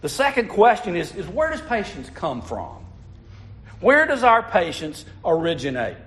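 A man's voice: sits high, wildly swooping pitch, unhurried, a bit bright. A man preaching a sermon, telling stories in a folksy way and putting asides to the congregation. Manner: folksy storytelling with audience asides.

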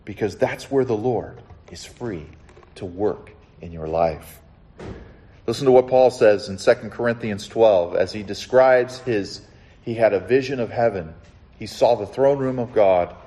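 Earnest man preaching with hushed emphasis. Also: lowish voice, unhurried. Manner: earnest, drops to a soft hush then rises with emphasis; asks the listeners direct questions. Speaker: pastor. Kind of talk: sermon.

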